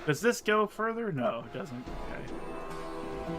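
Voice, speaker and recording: Lively male let's play streamer. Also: sits high, takes it slowly, over music. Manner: chatty, reads game text aloud and muses over menus. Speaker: game streamer. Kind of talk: casual let's play commentary.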